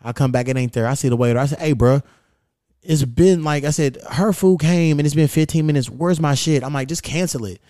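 A man hosting a podcast, telling stories in a profane, animated way with quoted back-and-forth. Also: a little high, fairly quick, no room sound, studio quality. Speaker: podcast host. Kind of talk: casual chat, storytelling.

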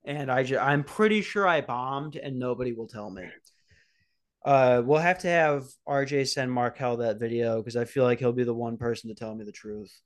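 A man's voice: medium pitch, moderate pace. A young man casually telling a rambling story on a podcast, swearing and acting out quotes. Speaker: podcast host.

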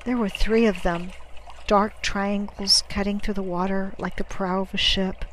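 Woman narrating an audiobook, measured and dramatic. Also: medium pitch, flat delivery, a little hiss or hum, rough recording. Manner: measured, dramatic, dropping to a hush at tense moments. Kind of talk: first-person audiobook narration.

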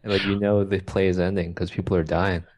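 A very low-voiced man talks about books in easy conversation, laughing often and stumbling over restarts. He reads passages aloud between remarks. The sound is close and dry, with no room around it. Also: flat delivery, a little fast, darkish tone, no room sound. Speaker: podcast co-host. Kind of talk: casual literary chat with read-aloud passages.

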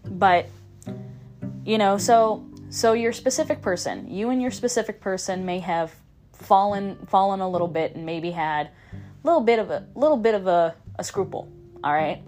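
A woman's voice: medium pitch, normal speed, a little mellow, soft background music. A woman hosting a podcast, talking casually and upbeat in a coaching tone, often repeating and restarting her phrases. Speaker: podcast host. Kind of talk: casual motivational monologue.

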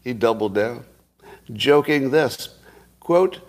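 A man's voice: mid-range voice, expressive, a little slow, pauses often. A man in his sixties hosting a live stream, talking in a sarcastic, mocking way. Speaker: podcast host.

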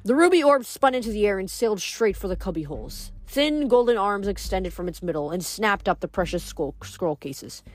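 A woman reading a novel aloud in steady storytelling narration. Her voice sits at a middle pitch for a woman, even and unhurried. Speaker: reader.

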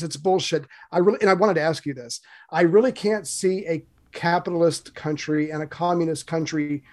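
Man, podcast co-host, blunt, opinionated, swears, somewhat high-pitched voice. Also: a little mellow. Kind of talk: casual chat.

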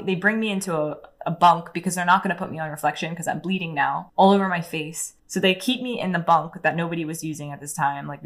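A young woman, an interview guest, speaks in a somewhat low voice. She tells her story casually and frankly, swears freely and fills her sentences with "like". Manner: candid, profane, heavy use of "like".

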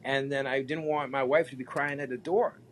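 A man in a casual podcast chat, an animated storyteller who repeats phrases and laughs often. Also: medium pitch, moderate pace, slight background noise, poor audio. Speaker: podcast guest.

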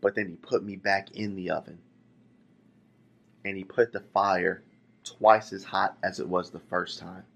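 A man's voice: deep voice, steady tone, a little slow, creaky, pauses often, fairly bright tone, heavily acted. A man voicing a talking antique teacup that recounts, in the first person, being shaped by a potter, in a plain preaching voice. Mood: recounting. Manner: pleading storytelling in first person. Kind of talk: sermon illustration.

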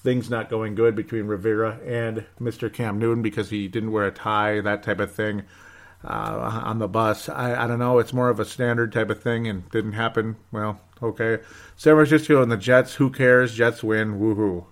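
A man's voice: lowish voice, flat delivery, moderate pace. Male solo sports host, casual and sarcastic, rambles with mock outbursts.

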